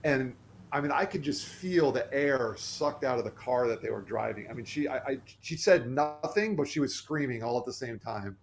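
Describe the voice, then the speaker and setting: Guy on a podcast telling his story, earnest, lively, does the voices of people he quotes, mid-pitch voice. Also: moderate pace, creaky, a little hiss or hum. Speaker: podcast guest. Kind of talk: personal storytelling.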